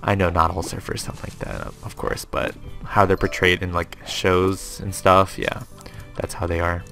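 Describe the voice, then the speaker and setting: Bright-voiced gamer rambling along. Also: male voice, low-pitched, flat delivery, normal speed, vocal fry, soft background music. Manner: rambling and self-amused, chats to himself. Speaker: gaming channel host. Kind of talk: casual let's-play commentary.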